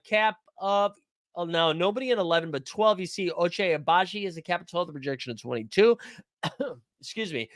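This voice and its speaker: A man's voice: sits high, fairly bright tone, no room sound, clean studio sound. A man hosting a fantasy sports live stream in a joking, rambling, profane casual manner.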